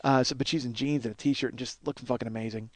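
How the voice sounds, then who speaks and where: A man in his forties hosting a podcast and telling a comic story, profane and self-mocking, and he gets loud and worked up. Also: medium pitch, steady tone, fast, no echo. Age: 40s. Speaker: podcast host.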